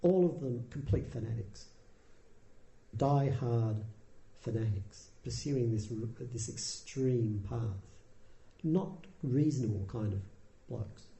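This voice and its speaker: A man giving a Buddhist dharma talk, telling the story in a relaxed, conversational way with dry humour. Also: medium pitch, takes it slowly, vocal fry. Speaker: dharma teacher. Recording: roomy echo.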